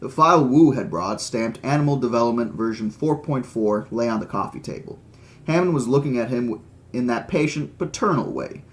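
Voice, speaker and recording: A man's voice: mid-range voice, a little fast. Man reading a novel aloud. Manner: plain steady reading with casual asides. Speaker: audiobook reader and streamer.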